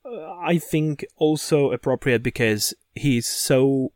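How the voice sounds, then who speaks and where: Male podcast co-host, mid pitch, keen and talky, repeats words as he starts sentences. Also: slow, no room sound, studio quality. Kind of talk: casual podcast chat.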